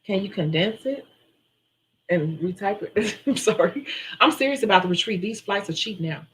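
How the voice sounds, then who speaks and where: Brief: woman nail-tech host, chatty live-stream storyteller, mid-pitched voice. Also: moderate pace, poor audio. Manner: chatty, animated storyteller who acts out her own quotes.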